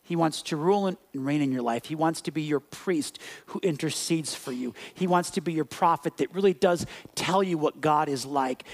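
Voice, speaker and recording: A male pastor delivering a sermon with a voice set higher than most men's. He preaches in an animated way, playing out bits of dialogue. He sinks into quiet, gentle passages for reflection. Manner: animated, acts out scenes and dialogue; drops to soft quiet reflection.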